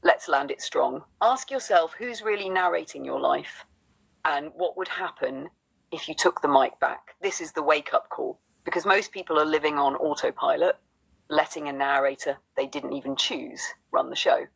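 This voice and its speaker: A woman's voice: low voice, moderate pace, creaky, a bit bright, slightly rough, rough recording. A woman co-hosting a spiritual talk, speaking in a rhythmic, affirming spoken-word cadence. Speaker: co-host.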